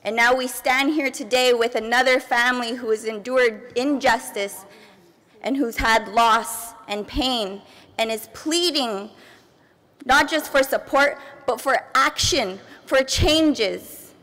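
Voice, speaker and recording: A woman giving an earnest, steady public speech as a family advocate before an assembly. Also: on the high side, takes it slowly. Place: large assembly hall. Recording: reverberant hall sound.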